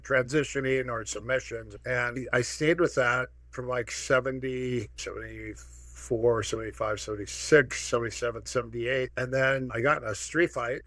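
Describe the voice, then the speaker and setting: A man in his sixties, from Minnesota, telling lively stories as a podcast guest and acting out the dialogue in them. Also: mid-range voice, normal speed, no room sound. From Minnesota, USA. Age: 60s. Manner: lively anecdotal, acts out quoted dialogue. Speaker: guest, martial arts pioneer. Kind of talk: casual storytelling.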